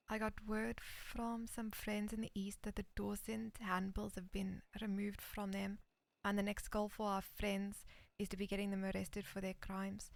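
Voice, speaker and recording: A woman's voice: mid-range voice, vocal fry, no room sound. A woman roleplaying a character, hesitantly reading messages aloud and often slipping into a whisper. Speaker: roleplay streamer. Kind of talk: in-character western roleplay chat.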